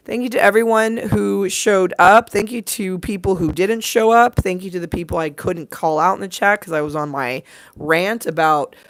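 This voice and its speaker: A hoarse woman hosting a livestream, talking casually and playfully, swearing freely and sending her viewers love as she signs off. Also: mid-range voice, normal speed, dry recording, rough recording. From southern California. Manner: chatty, swearing, playful and affectionate. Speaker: livestream host. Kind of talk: casual livestream sign-off chat. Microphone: desk microphone.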